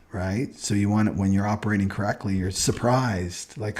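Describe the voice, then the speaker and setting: A man with a fairly low voice hosts a relaxed livestream lesson. He explains things loosely as he goes and keeps checking in with his listeners by asking "right?". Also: normal speed, husky. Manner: loose, rambling, tags points with "right?". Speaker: astrology livestream host. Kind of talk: casual teaching livestream.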